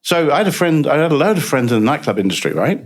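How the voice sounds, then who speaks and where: A man telling a business anecdote as a podcast guest, lively and repetitive, acting out bits of dialogue as he goes. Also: a little high, rapid-fire. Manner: lively, repeats words and restarts, acts out dialogue. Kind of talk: animated business storytelling.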